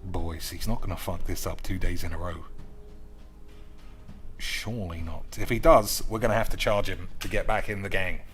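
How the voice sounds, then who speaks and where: A man's voice: sits low, steady tone, moderate pace, fairly bright tone, soft background music. A man live-streaming a card game, bantering sarcastically with his chat and swearing freely. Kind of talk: casual live-stream chat while gaming.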